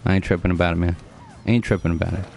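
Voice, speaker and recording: A man in his forties talks earnestly to his live-stream audience in a low, fairly even voice with vocal fry and a slightly mellow quality. He races along, lecturing, repeating himself, and answering viewers by name in casual chat.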